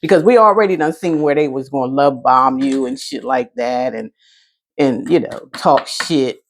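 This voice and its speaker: Speaking at a moderate pace in a bass voice, a woman reads tarot casually. She swears heavily, doesn't mince words, and keeps talking back to herself.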